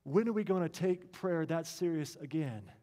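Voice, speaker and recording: A man, a pastor, tells a story in an earnest sermon, slowing down to stress key lines. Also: fairly high pitch, animated, dark tone, in a large hall.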